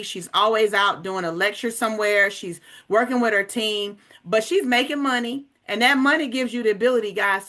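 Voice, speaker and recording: A woman hosting a recruitment call, pitching with upbeat energy and calling her listeners "guys.". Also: pushed and bright. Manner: hyped, addresses listeners as guys.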